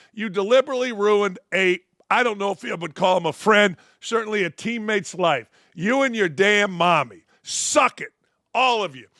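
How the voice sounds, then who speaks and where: A man's voice: high-pitched, bright, forceful tone, no room sound, clean studio sound. A middle-aged man hosting a sports talk show, ranting in a blunt, combative, profane and sarcastic way. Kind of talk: opinionated sports commentary rant.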